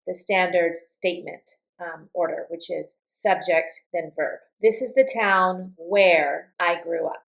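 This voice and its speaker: A woman teaching an English vocabulary lesson, speaking slowly and deliberately and modeling question intonation aloud. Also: medium pitch, a bit bright, low-quality recording.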